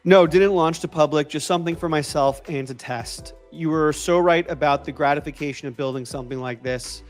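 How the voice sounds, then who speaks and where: A man's voice: on the high side, brisk, soft background music. A man from New York with a mixed New York and Boston accent, chatting casually as a livestream host, upbeat and prone to repeating himself while answering viewers. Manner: upbeat, repeats phrases, answers chat comments.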